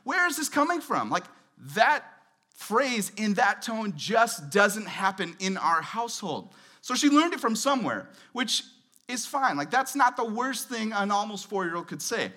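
Bright, high-voiced man preaching casually. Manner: relaxed, chatty, with frequent fillers and light humor. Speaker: guest pastor. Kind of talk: conversational sermon. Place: church service.

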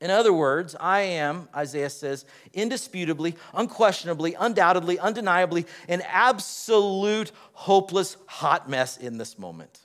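A male preacher with a high voice delivers a sermon. He is animated and playful and keeps calling out to the congregation. His energy rises and falls as he teaches. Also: normal speed, few pauses. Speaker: pastor.

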